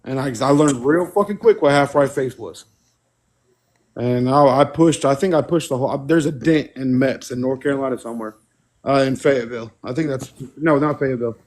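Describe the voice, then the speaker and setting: A man's voice: medium pitch, fairly quick, darkish tone. A man telling profane army stories in casual chat with friends. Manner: profane storyteller, does voices of people he quotes. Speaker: podcast co-host.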